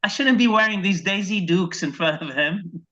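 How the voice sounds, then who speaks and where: A man from Iraq doing a stand-up set over a video call, telling deadpan one-liners and acting out his wife and his dog. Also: sits high, normal speed. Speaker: stand-up comedian. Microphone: video call microphone. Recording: dull lo-fi video call audio.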